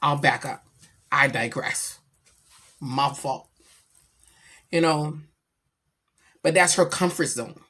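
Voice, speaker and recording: A middle-aged woman chatting casually about her daughter, animated and slangy as she tells stories. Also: low-pitched, takes it slowly, long pauses. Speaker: vlogger, mother. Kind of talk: casual chat.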